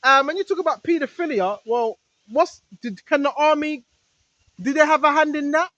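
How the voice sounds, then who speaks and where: A woman's voice: high-pitched, moderate pace, dry recording, dull audio. A woman preacher in a rambling spiritual monologue, repeating herself and firing rhetorical questions at her listeners. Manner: talks straight to listeners, now and then shouting rebukes at spirits.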